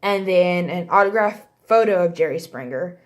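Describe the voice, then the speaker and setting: A woman's voice: on the low side, lively intonation, normal speed. A woman vlogger telling a casual storytime, rambling and correcting herself as she goes and acting out what others said. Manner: rambling, self-correcting, acts out quotes.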